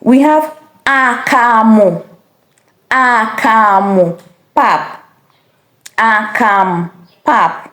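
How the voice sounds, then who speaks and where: A woman teaching vocabulary, saying each word slowly and repeating it with careful tones. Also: a little high, fairly bright tone, reverberant. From Nigeria. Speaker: language teacher. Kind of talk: slow vocabulary lesson.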